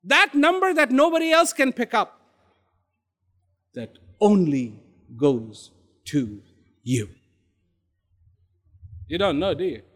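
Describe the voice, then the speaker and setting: A man giving an inspirational talk to an audience. He is emphatic, repeats key words and uses dramatic pauses. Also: sits high, animated, fairly bright tone. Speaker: speaker. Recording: long hall reverb.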